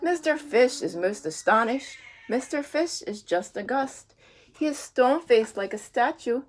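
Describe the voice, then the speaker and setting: High-voiced teacher reading a rhyme. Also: female voice, expressive, a little slow. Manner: rhythmic, sing-song read-aloud. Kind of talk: children's story reading.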